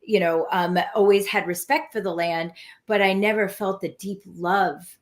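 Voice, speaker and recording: A woman hosting a casual panel chat on a video call, emotional and halting, with many fillers and restarts. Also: mid-range voice, fairly even intonation.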